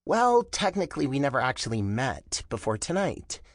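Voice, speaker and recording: A man voicing a timid young woman in an audiobook, speaking softly and hesitantly with a stutter. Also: a little high, expressive, unhurried, no room sound, studio quality, voice pushed up. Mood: teasing. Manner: stuttering, hesitant, near whisper. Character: shy, timid young woman, high chirpy voice. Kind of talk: audiobook character voice.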